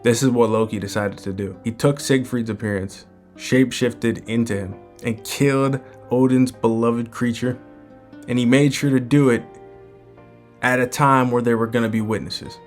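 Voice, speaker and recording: A man's voice: mid-range voice, steady tone, normal speed, faint music behind. A man hosting a manga breakdown in a casual commentary style, using plenty of "like" and "you know".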